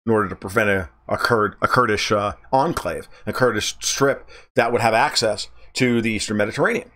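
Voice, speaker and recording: A man's voice: mid-range voice, a bit bright. A man hosting a podcast, giving a blunt, profane political commentary monologue with rambling restarts. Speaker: podcast host.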